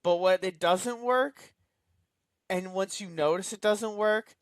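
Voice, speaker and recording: A man's voice: high voice, takes it slowly, no echo, studio quality. A man co-hosting a casual movie podcast, speaking emphatically with frequent exclamations. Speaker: podcast co-host.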